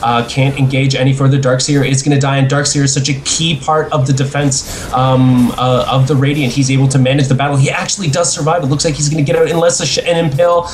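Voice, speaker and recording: Excitable man casting a video game match. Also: medium pitch, fast, few pauses, slight background noise. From Canada. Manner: excitable, laughs often, casual. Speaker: esports caster. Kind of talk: play-by-play game commentary.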